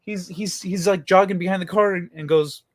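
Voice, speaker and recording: A man's voice: high-pitched, normal speed. A man hosting a casual livestream, rambling and swearing as he tells stories and answers chat. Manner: rambling, profane, animated storytelling. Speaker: livestream host. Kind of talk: casual livestream chat reading viewer comments.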